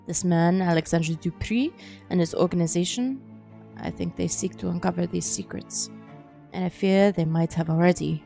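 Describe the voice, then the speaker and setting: A woman voicing a grave older male German psychiatrist in a game, with an attempted German accent, speaking in a solemn, measured, hushed way. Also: on the low side, creaky, soft background music.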